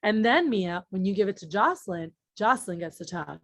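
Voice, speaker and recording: A woman's voice: mid-range voice, lively intonation, fairly quick, no room sound. A woman giving a casual training talk on leadership, chatty and blunt, swearing freely and checking in with her listeners often. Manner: frequent filler words and rhetorical checks.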